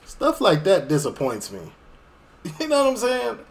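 Young chicago dude reacting to a vid, gravelly voice, kinda high, slangy and laughing. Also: male voice, a little slow. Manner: animated, slangy, laughs often. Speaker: reaction channel host. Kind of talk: casual reaction commentary.

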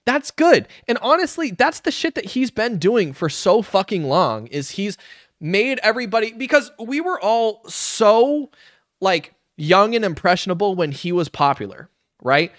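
A man hosting a live-stream reaction, cracking sarcastic, profane jokes and laughing often. His pitch swings all over the place. The sound is dry and close. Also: big pitch swings, measured pace, a bit bright, no echo.

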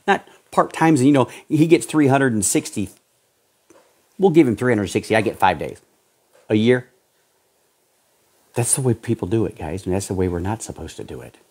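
Man, pastor, sermon, low voice, husky, impassioned exhortation, loud-to-hushed pleading. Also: lively intonation, normal speed, long pauses.

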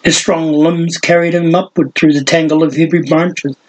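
A man reading a fantasy novel aloud as an audiobook narrator, in a steady, measured way. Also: a little high, slightly rough.

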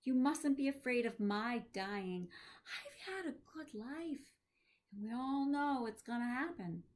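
A woman voicing a dying elderly male professor who speaks softly, calmly and without self-pity. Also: high voice, pitched above the performer's own voice. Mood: gentle. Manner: soft, gentle, unhurried.

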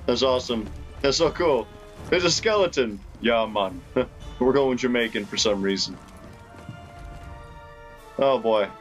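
A man casually commenting on his own video game play, excitable and chatty, laughing often. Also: mid-range voice, a little slow, long pauses, soft background music. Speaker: gaming YouTuber.

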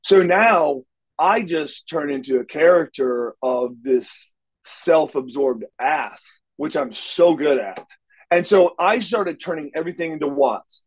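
On a poor-quality recording, a middle-aged interview guest who used to wrestle recounts stories casually and animatedly, voicing the dialogue himself with many restarts. His pitch is fairly high, his tone a little mellow, and he takes his time.

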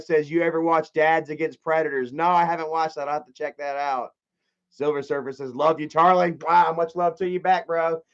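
A man's voice: on the high side, lo-fi sound. A young man hosting a live stream, reading viewer comments and telling a rambling story with plenty of swearing. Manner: rambling storyteller, swears freely, shouts when acting out a scene.

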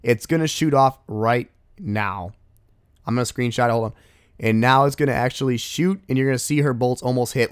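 A man hosting a gaming video, talking through a strategy game attack in casual commentary and exclaiming loudly at close calls. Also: mid-range voice, moderate pace, no echo. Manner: excitable, exclaims at game moments.

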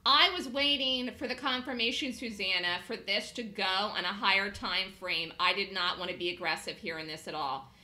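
A woman hosting a live trading room, talking fast and emphatically, repeating her points and laughing easily. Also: mid-range voice, sharp tone, roomy sound, poor audio.

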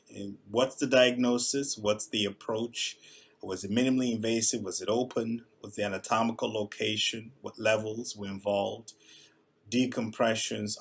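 A man, a surgeon, gives a measured instructional presentation with frequent filler sounds. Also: fairly low pitch, breathy edge. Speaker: neurosurgeon teaching coding.

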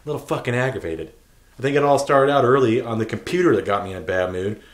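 A man's voice: medium pitch, animated, fast, echoey room. A man telling an aggrieved, profane story in an angry vlog rant.

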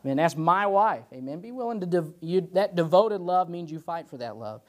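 A man's voice: sits high, animated, normal speed. A man in his twenties teaching Sunday school as a pastor, chatty and folksy, telling personal stories and punctuating his points with "amen". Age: 20s. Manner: chatty, tells personal stories, peppers lines with "amen" and "you know". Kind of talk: informal Sunday school preaching.

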